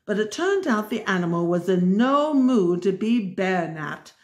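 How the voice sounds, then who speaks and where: A woman reading a storybook aloud in an expressive way, adding wry asides of her own. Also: medium pitch, moderate pace, few pauses, reverberant.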